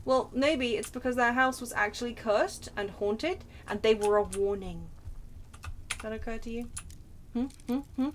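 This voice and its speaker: A woman's voice: fairly high pitch, moderate pace, slight background noise. A woman streaming a game, chatting casually, bantering and poking fun at herself. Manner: chatty, self-mocking, bantering. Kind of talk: casual gameplay commentary.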